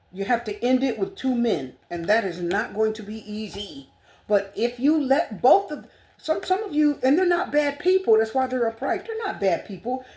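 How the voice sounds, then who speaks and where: A woman with a twang reads tarot cards for her viewers in a gushing, spiritual way, circling back over the same words again and again. Her voice sits a little on the high side. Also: darkish tone. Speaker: tarot reader.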